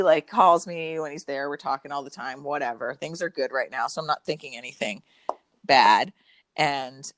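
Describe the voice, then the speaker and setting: Young woman guest, low voice, dry close sound; loose, profane, animated storytelling. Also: dry recording. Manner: profane, filler-heavy, animated retelling. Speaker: podcast guest. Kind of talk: casual storytelling chat.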